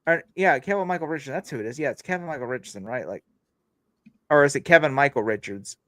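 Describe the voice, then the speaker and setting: A young man hosting a casual chat, rambling quickly and swearing freely. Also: medium pitch, fairly bright tone, no echo. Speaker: podcast host.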